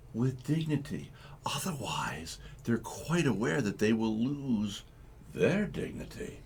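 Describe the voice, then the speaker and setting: A man with a lowish voice hosts live morning talk radio, with slight background noise. He tells rambling, animated stories and acts out the voices of the people in them.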